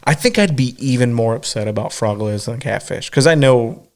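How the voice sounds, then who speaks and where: A man co-hosting a podcast, telling a story in a crude, animated way, acting out other people's voices and laughing often. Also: medium pitch, moderate pace. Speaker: podcast co-host. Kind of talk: casual chat, storytelling.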